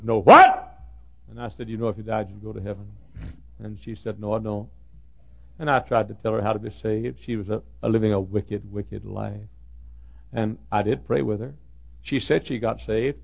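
An older man preaching in a gravelly, rough voice, spinning stories from the pulpit. He repeats himself as he builds, rising loud and then dropping low. The recording sounds dull and lo-fi. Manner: storytelling preacher with repetitions, swinging from loud to hushed. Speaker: pastor. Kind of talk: sermon.

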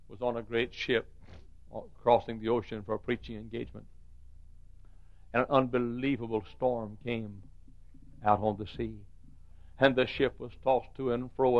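A male pastor preaching a sermon in a church, swinging from near-whispers to shouts. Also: medium pitch, dry recording, lo-fi sound. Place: church sanctuary.

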